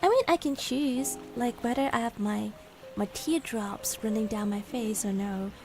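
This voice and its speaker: A woman's voice: on the high side, moderate pace, darkish tone, faint music behind. A woman streaming live and chatting casually with her viewers in a giggly, bubbly way. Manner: giggly, bubbly, reacting aloud to chat. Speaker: VTuber streamer.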